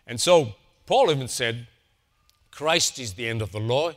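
A man preaching a sermon, dropping to quiet, slow emphasis and then rising to loud insistence. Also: medium pitch, animated. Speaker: pastor.

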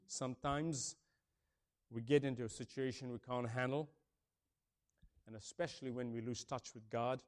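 A man over fifty from Africa preaching a sermon, booming on key points, then dropping low and soft, and repeating his phrases. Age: older, over fifty. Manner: swings between booming emphasis and hushed softness, repeats key phrases.

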